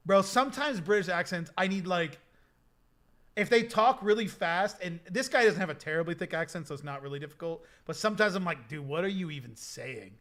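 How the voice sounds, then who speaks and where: Bright, high-voiced man chatting on stream. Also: brisk. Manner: rambling, lots of fillers like "like" and repeats. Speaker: streamer hosting a game server giveaway. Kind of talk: casual live-stream chat.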